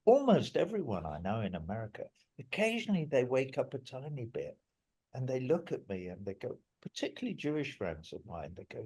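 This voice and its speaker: A man's voice: medium pitch, very animated, fairly quick, mellow, breathy edge. An older man, a musician guest in an interview, telling stories in a rambling, emphatic way and swearing now and then. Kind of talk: interview storytelling.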